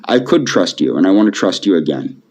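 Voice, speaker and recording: A man speaking softly to camera in a pleading, repetitive, emotionally flat way. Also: low voice, brisk. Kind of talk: pleading video monologue. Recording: dull lo-fi video audio.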